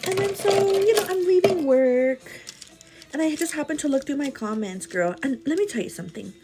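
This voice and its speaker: A woman's voice: high-pitched, brisk, loud music behind the voice. Chatty woman hosting a morning livestream. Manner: chatty, animated, calls viewers "girl"; greets viewers by name mid-story. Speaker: livestream host. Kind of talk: casual chat while eating breakfast.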